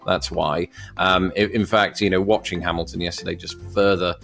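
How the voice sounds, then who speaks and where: Wry man, lowish voice. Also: fairly even intonation, normal speed, gravelly, fairly bright tone, faint music behind. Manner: wry, joking asides while reading questions aloud. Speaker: vlogger. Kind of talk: casual commentary while taking an online quiz.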